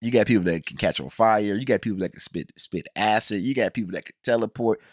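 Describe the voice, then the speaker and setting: A man reviewing a show in an animated, exasperated rant, blunt and full of slang. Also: fairly low pitch, fast talker, dry recording, clean studio sound. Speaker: video reviewer.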